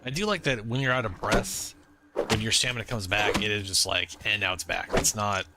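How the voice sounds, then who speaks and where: A man streaming a co-op game, giving casual, excitable commentary and joking reactions as he plays. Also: lowish voice, a little fast, loud music behind the voice. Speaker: gamer streaming co-op.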